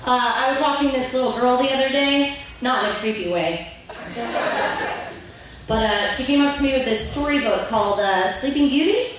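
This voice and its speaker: A young woman from Virginia works through a stand-up set on a bar stage, her voice a little high and delivered deadpan with plenty of "uh" pauses. The sound is very roomy and echoey, caught by a mic set well back from her, with faint noise underneath. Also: distant mic. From Virginia, USA. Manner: deadpan delivery with filler pauses, laughs at own jokes. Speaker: stand-up comic.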